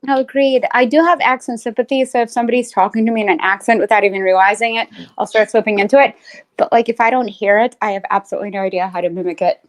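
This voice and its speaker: A woman's voice: a little high, fairly even intonation. A woman from Ukraine in casual chat, telling stories in a chatty way and laughing easily. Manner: chatty storyteller, laughs easily, quick asides. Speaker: livestream chat participant.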